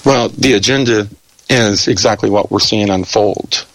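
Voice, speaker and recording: A man being interviewed who talks haltingly with many fillers and restarts, and says he is losing his voice. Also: lowish voice, fairly bright tone, low-quality recording. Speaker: interview guest. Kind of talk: hesitant conversational interview.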